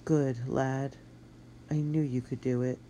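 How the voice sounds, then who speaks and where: A narrator voicing a wounded young spy man who speaks weakly and softly. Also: mid-range voice, level tone, takes it slowly, a little hiss or hum, lightly acted. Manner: weak, whispery.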